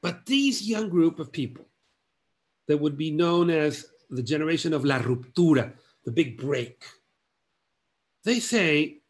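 Slow, measured male art lecturer. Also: a little high, lively intonation. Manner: measured, halting phrases with long pauses. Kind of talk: illustrated art history lecture.

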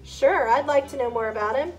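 A woman's voice: high voice, a little fast, faint music behind, close to an everyday voice. A woman voicing an earnest, wry young boy who asks plain questions.

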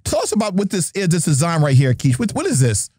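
Playful, hype podcast host, dry close sound. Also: male voice, on the high side, wildly swooping pitch, fast talker, mellow, husky, dry recording. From New Jersey. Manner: playful, hype, jokey banter. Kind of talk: lively podcast chat.

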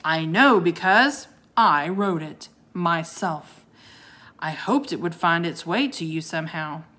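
A woman reading aloud and voicing a gruff, huge bearded wizard who talks in a slow, booming, scornful way. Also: animated, bright, forceful tone, heavily acted. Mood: solemn.

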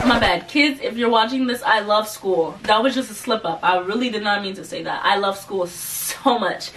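A young adult woman telling a personal story in a casual, animated vlog, laughing often as she talks. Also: medium pitch, moderate pace, few pauses, far from the mic. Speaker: vlogger. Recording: voice a bit off-mic, faint music behind.

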